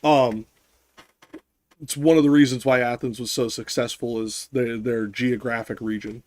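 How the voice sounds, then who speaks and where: A man's voice: mid-range voice, fairly even intonation, normal speed, darkish tone. Rambling man explaining casually. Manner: rambling explainer, many fillers and restarts, swears casually. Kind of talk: casual chat.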